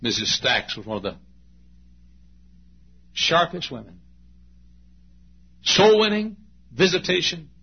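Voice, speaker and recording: A preacher in his late fifties with a husky voice tells a story from the pulpit, letting his voice rise high and loud before dropping to a hush. The recording is dull and lo-fi, like an old church tape. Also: sing-song, slow pace, long pauses. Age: late 50s. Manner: dramatic storyteller, swings from loud to hushed. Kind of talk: storytelling sermon.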